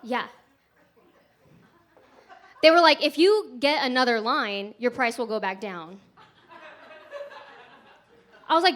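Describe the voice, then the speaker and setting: A woman's voice: on the high side, animated, slow pace, long pauses, fairly bright tone. A woman from Texas performing a stand-up set at a comedy club, chatty and self-mocking, laughing through her punchlines. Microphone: handheld stage mic.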